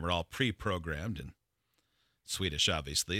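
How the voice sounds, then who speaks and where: A man's voice: mid-range voice, expressive, moderate pace, bright, forceful tone, dry recording, clean studio sound. A man hosting a casual comedy podcast, teasing his co-hosts and leading the questions. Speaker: podcast host.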